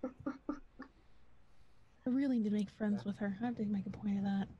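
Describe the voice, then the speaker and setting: A woman's voice: medium pitch, fairly even intonation, normal speed, muffled recording, crowd noise. A woman playing a tabletop game, teasing another player in a mock-sweet way.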